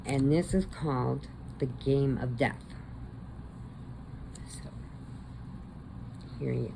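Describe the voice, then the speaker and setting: Middle-aged woman, deep gravelly voice, slow easygoing vlog chatter. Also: noisy background. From American Midwest. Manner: chatty storyteller, animated quotes. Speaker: crochet vlogger. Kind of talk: casual chat.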